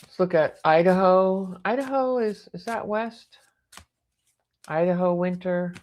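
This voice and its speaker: A woman's voice: on the low side, a little slow, a little mellow. A woman reading tarot cards aloud, thinking aloud and exclaiming as the cards turn up. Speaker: tarot reader.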